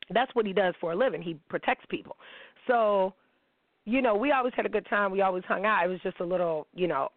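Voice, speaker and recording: A woman's voice: fairly low pitch, dry recording. Woman radio host, 30s, blunt and profane, lo-fi tinny dry sound. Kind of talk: candid casual talk monologue.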